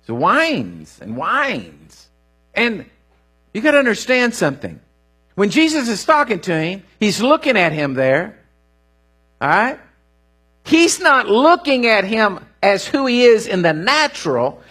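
A middle-aged man, preaching a sermon in an animated, folksy storytelling way with rising bursts and a husky voice. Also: high voice, normal speed. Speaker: pastor.

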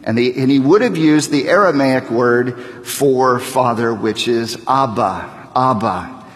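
A man in his thirties, a pastor preaching a sermon, speaking deliberately and building to fervent emphasis. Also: mid-range voice. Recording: long reverb of a large hall.

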